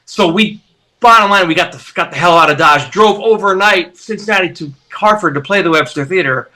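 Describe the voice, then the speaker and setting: A man's voice: high-pitched, a little fast. A man in his forties, a musician guest, telling road stories casually and acting out the quotes. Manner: animated storyteller, acts out quotes. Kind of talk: casual interview storytelling.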